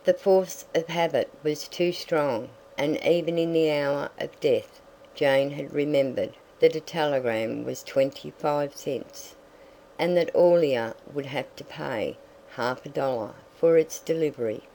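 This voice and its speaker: A narrator reading a classic novel aloud in a measured storytelling manner. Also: medium pitch, dark tone, slight background noise, poor audio. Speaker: audiobook narrator. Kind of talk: scripted narration.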